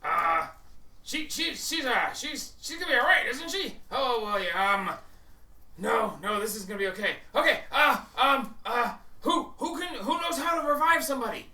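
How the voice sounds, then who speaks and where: Brief: game master doing a jittery, stammering hero, high and loud, tabletop game, distant echoey recording. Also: animated, normal speed, hardly any pauses. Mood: flustered. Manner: stammering and nervous. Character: flustered, panicky male adventurer. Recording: echoey room, voice from far off.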